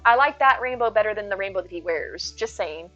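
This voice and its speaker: A woman streams a game live, chatting bubbly and casually with viewers and thanking them often. Her medium-pitched voice is animated, a bit bright and slightly fast. The sound is a little dull, with faint music behind her.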